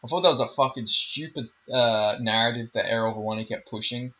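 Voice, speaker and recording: A man's voice: medium pitch, brisk, bright, forceful tone, highs cut off. A man giving a heated, profane casual rant about fighters, full of fillers and swearing. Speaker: MMA commentary YouTuber.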